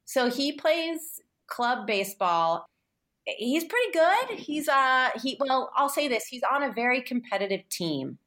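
A woman in her forties from San Francisco with a slightly high voice tells a personal story as a podcast guest. She rambles openly, full of fillers and restarts, and her voice gets emotional at points. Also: sing-song, unhurried, fairly bright tone. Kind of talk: candid conversational storytelling.

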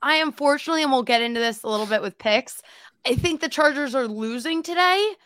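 Female co-host, casual and chatty, bright high voice, dry close sound. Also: quick pace, clear, resonant tone, dry recording. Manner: chatty, laughs easily, lots of "like". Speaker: podcast co-host. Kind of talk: casual sports chat.

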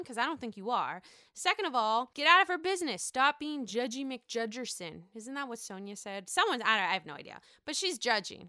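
Woman recap host, gossipy and animated, with a slightly high voice. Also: smooth, dry recording, studio quality. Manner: gossipy, animated, mocks quotes in put-on voices. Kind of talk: casual recap commentary.

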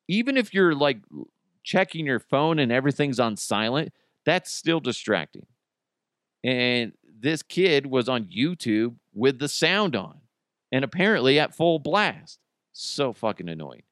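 A middle-aged man rants his way through a casual solo podcast, blunt and profane, with sarcastic asides. His voice sits at an ordinary middle pitch and comes across dry and close, with no room sound. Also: fairly bright tone, no room sound. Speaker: podcast host.

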